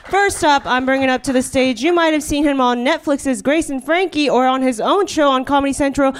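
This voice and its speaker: A woman's voice: sits high, lively intonation, fairly quick, few pauses, music in the background, crowd noise. A young woman doing a rambling stand-up monologue on stage, then hosting a live comedy show. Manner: rambling, riffing, full of "you know". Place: stage before a live audience.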